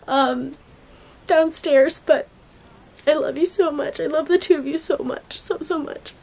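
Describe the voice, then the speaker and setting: A woman's voice: high-pitched, unhurried, pauses often, darkish tone. A young woman filming a casual vlog to camera, bubbly and gushing as she talks about her sister. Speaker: vlogger, sister of the bride-to-be.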